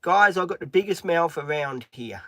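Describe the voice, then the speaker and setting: Middle-aged man, casual live-streamer, rambling and full of ums, slightly high pitch, dry close sound. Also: expressive, moderate pace, pushed and bright, dry recording. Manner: rambling, with many filler ums; breaks off to talk to his dog. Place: inside a van.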